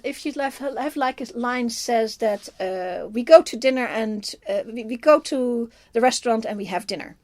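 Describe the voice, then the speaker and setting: This is a woman speaking English with a Dutch accent, Dutch being her first language. Her voice sits a little high. She talks in a chatty, thinking-aloud way, restarting her sentences and laughing often. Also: a little mellow. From Netherlands. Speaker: film reviewer, co-host. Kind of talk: casual chat.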